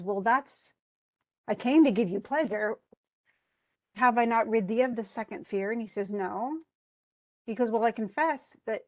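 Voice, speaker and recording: A woman teaching a literature class in a relaxed, talkative lecture. She retells the story with lots of casual asides. Her voice sits at an ordinary middle pitch and moves between modern slang and quoted archaic lines. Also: dry recording. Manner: chatty plot retelling with frequent "he goes" asides. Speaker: literature instructor.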